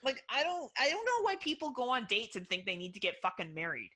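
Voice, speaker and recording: Young woman podcast cohost, blunt and sweary, bright voice, bouncy pitch. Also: very animated, fast talker. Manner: blunt, profane and frequently laughing. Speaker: podcast co-host. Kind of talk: casual chat.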